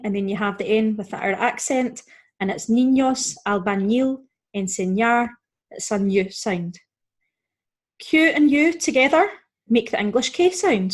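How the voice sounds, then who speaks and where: Woman teaching beginner Spanish pronunciation. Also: fairly high pitch. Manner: explains step by step, checking in with "okay?" and "right?"; models Spanish words slowly and clearly. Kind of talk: recorded beginner language lesson.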